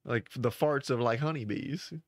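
A young man co-hosting a casual podcast, relaxed and joking, with lots of filler phrases. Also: mid-range voice, moderate pace, vocal fry, no echo, clean studio sound. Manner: laid-back, joking, lots of "you know". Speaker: podcast co-host. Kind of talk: casual chat.

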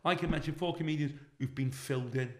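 In an echoey room, a middle-aged male comedian shares stories as a guest, cursing liberally and laughing as he goes. He talks fast in a fairly high voice with a darkish tone.

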